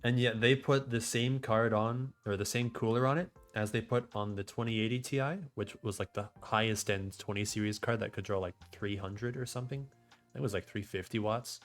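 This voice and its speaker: A man's voice: on the low side, fairly even intonation, a little fast, faint music behind. Casual swearing young male streamer. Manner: loose, swearing, rambling tech explanations. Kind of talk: casual live-stream chat, reading chat aloud. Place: home room.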